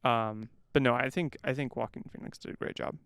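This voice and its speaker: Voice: medium pitch, a little fast, a bit bright, clean tone, dry recording, studio quality. A podcast co-host chatting casually about a movie, leading the segment with firm opinions. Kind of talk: casual movie review chat.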